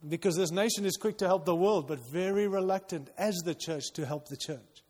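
Male pastor preaching, high voice, big echoey church hall, fired up then hushed. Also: a little fast. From outside the United States. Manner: impassioned, swings between loud urging and quiet intensity. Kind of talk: sermon. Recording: long reverb of a large hall.

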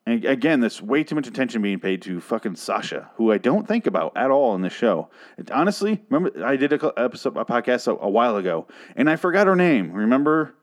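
A man hosting a podcast, recapping a TV episode in a rambling, profane, animated way. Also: medium pitch, fast. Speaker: podcast host.

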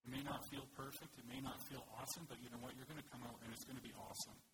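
A man's voice: medium pitch, fairly even intonation, rapid-fire. A man giving an informal, upbeat sermon and prayer to his church. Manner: conversational, folksy, upbeat and encouraging. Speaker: pastor. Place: church service. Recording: loud background noise.

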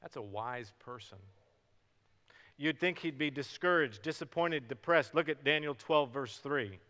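A middle-aged male pastor preaching a sermon, swinging from hushed to loud and stretching out words for emphasis. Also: medium pitch, unhurried. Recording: long hall reverb.

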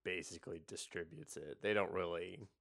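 Gravelly low-voiced man cracking dry jokes. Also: steady tone, normal speed, a bit bright, dry recording. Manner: dry, wisecracking. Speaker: podcast co-host. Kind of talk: casual movie podcast banter.

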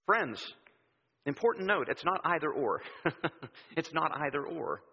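A man preaching a sermon in a church, telling stories in an animated way and acting out the voices he quotes. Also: a little high, unhurried, husky. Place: church sanctuary. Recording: dull sound with long hall reverb.

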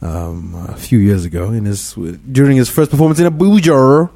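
Teasing man with a mellow voice, dry close sound. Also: fairly low pitch, brisk, no echo. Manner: teasing, deadpan mock outrage. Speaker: podcast co-host. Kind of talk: casual podcast chat.

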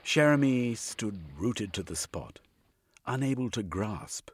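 A man narrating an audiobook with a husky voice. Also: lowish voice, animated, takes it slowly. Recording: faint music underneath.

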